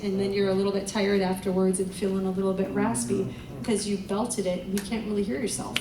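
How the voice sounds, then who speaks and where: A woman's voice: mid-range voice, level tone, fairly quick, background noise. Chatty vocal coach woman in an echoey room. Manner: chatty, demonstrates by singing vocal exercises. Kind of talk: group voice lesson. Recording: echoey room, voice from far off, music behind.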